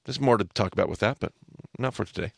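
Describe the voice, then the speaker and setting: Brief: podcast host, man, low gravelly voice, lively Bible teacher, dry close sound. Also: quick pace, no echo. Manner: animated, explanatory, repeats words when starting a thought. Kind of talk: casual Bible teaching talk.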